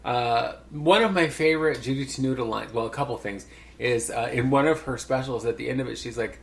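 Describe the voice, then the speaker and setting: A man in his sixties hosting a casual podcast chat, telling stories with animated asides. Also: medium pitch, a little fast, vocal fry. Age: 60s. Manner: chatty, storytelling, animated asides. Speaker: podcast host.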